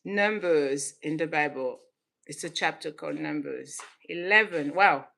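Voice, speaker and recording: A woman from Senegal who grew up in southern France hosts her own channel and talks casually to camera. She gets animated, laughs often and restarts her sentences. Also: deep voice, unhurried, vocal fry. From Senegal, raised in southern France. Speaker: channel host.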